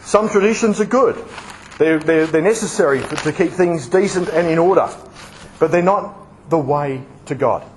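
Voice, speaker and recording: Male preacher, high voice, lively sermon full of questions to the audience. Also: normal speed, a little hiss or hum, low-quality recording. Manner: lively, asks the audience questions and acts out examples.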